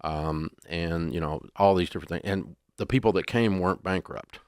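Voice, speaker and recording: A deep-voiced man tells folksy, animated stories as an interview guest. His voice sounds dry and close, with no room echo. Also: moderate pace. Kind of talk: casual interview storytelling.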